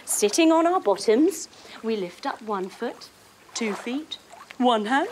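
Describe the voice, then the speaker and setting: Brief: young female kids-yoga teacher, lively singsong delivery, slow and unhurried, faint hiss behind. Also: a little high. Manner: playful, singsong, lots of sound effects and cues. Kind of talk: guided kids yoga story.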